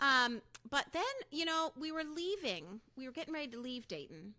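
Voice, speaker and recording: A woman co-hosting a podcast, telling a road-trip story in casual chat, animated and quick to laugh. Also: high-pitched. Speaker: podcast co-host.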